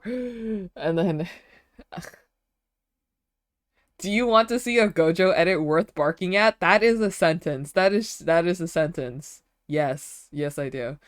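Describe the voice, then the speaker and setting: A young woman streamer talks casually into a close mic. She rambles through stories packed with fillers and giggles. Her voice sits a little low, and the sound is dry and close. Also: smooth, no room sound. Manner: rambling, filler-heavy storytelling with frequent giggles.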